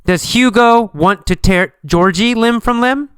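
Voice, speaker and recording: A man teaching an English lesson, asking simple questions and answering them himself, slowly and with a lot of repetition. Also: very high voice, a bit bright, clean tone, dry recording, studio quality.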